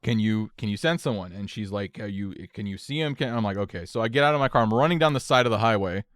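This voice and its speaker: A man's voice: on the low side, animated, fast talker, no room sound, clean studio sound. A young man co-hosting a podcast, telling a story in casual chat with swings of energy and a lot of swearing. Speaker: podcast co-host.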